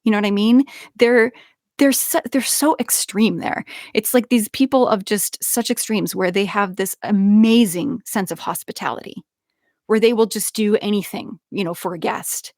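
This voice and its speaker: A young woman telling a personal story in casual conversation, animated, with frequent laughs and many restarts. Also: mid-range voice, normal speed, dry recording, clean studio sound. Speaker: podcast guest.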